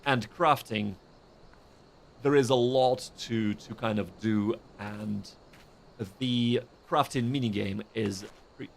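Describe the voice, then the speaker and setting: A man's voice: medium pitch, slow, vocal fry, slight background noise. A man giving casual, chatty commentary on his own gameplay, self-deprecating and prone to restarts. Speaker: streamer.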